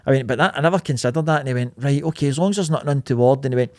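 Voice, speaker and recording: Fast-talking Scottish man telling a story. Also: medium pitch. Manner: animated storytelling, swears freely. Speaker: podcast co-host. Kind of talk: casual chat.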